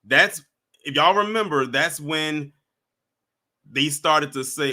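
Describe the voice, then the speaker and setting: A man's voice: on the high side, takes it slowly, long pauses, bright, forceful tone. A man hosting a casual reaction stream, talking straight to his viewers and chat. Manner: conversational, addresses viewers as y'all. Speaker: host reacting to clips.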